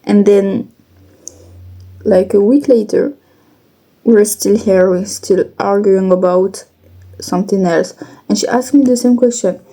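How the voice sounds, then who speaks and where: A young woman speaking in a casual confessional vlog, candid and blunt, halting with many restarts and fillers. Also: mid-range voice, dark tone. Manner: candid, blunt, occasional swearing.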